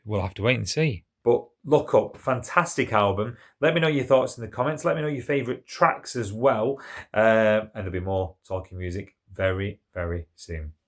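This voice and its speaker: A man's voice: fairly low pitch, moderate pace. A man hosting his own music channel, chatting enthusiastically through an album review track by track, with plenty of "uh" and "um" and questions to his viewers. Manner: asks viewers questions and invites comments. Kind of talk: casual solo album review to camera.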